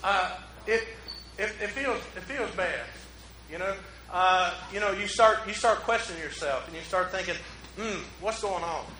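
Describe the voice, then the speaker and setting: A man preaching a relaxed, conversational sermon as pastor, joking at his own expense and drawing in the congregation. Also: high voice, normal speed, slight background noise. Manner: joking, self-mocking, talks with the congregation. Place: church. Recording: roomy hall echo.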